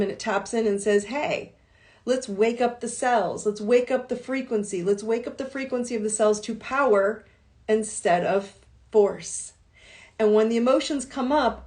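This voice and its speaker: Encouraging woman coach, fairly high voice. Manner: earnest, encouraging, repetitive affirmations. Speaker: life coach. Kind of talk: live-stream coaching talk.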